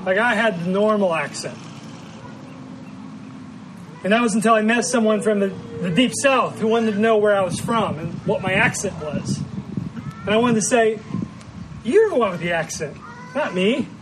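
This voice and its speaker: A man with a high voice and a Midwestern American accent preaches a sermon in an earnest, measured way, sometimes repeating a word as he goes. A faint background noise sits under his voice. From Midwestern United States. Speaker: pastor.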